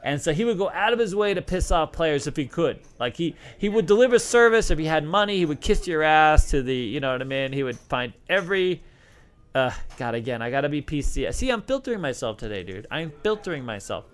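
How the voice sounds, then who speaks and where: Middle-aged man, ex-casino dealer, casual rambling talk, lots of ums and restarts, slightly high voice. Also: lively intonation, brisk, clear, resonant tone. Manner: rambling, many fillers and restarts. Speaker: former casino craps dealer answering questions. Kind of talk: casual storytelling Q&A.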